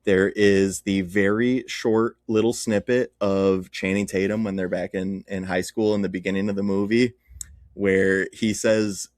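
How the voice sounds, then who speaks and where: Low-voiced man telling a story. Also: little pitch movement, a little slow, a little mellow, dry recording, studio quality. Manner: storytelling, laughs easily. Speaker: podcast co-host. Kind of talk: casual chat.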